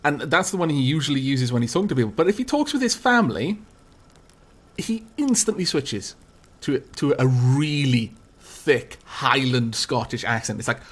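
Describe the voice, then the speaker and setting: A man hosting a multiplayer gaming chat, telling anecdotes with lively animation and quick laughter. His voice sits at an average pitch for a man. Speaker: host and co-player.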